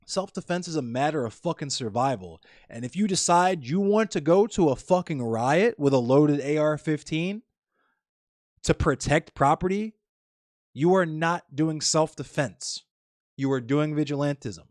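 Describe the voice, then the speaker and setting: A man's voice: on the high side, no echo, studio quality. A man streaming live, lecturing his chat in a heated, profane political rant.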